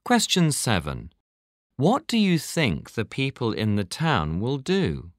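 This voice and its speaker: A voice slowly reading out test questions for a listening exercise. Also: medium pitch, wildly swooping pitch, no room sound, studio quality. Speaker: quiz reader.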